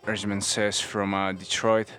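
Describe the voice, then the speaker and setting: A man's voice: fairly low pitch, level tone, normal speed, fairly bright tone, faint music behind. A young man from a small post-communist industrial town, speaking non-native English with North American touches in a rambling, slangy vlog monologue on a new home microphone. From small industrial town in a former communist country. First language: not English. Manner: rambling, slangy, laughs to himself. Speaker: vlogger.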